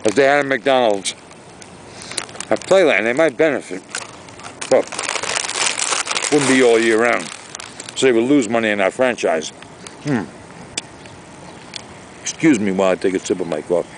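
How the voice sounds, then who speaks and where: Gravelly man rambling in an outdoor vlog. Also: mid-range voice, animated, normal speed, long pauses, background noise. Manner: rambling, chatty, exaggerated rants. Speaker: vlogger. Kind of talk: casual vlog monologue. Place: outdoors by a lake, morning.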